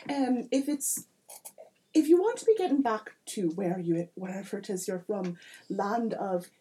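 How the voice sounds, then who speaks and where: A woman voicing a pushy, chatty male small-town mayor with a deliberately bad put-on accent. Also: mid-range voice, lively intonation, warm tone, natural voice.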